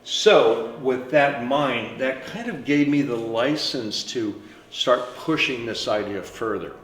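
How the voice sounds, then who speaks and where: A man, a painter, talking about his work in an unhurried storytelling way, with trailing fillers. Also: mid-range voice, animated, slight background noise. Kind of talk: reflective studio talk. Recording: echoey room with soft music.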